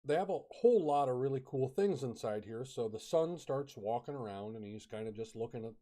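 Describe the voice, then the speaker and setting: A man's voice: medium pitch, lively intonation, a little fast, mellow. A man casually telling a ghost story, chatty, with fillers and bursts of dramatic emphasis.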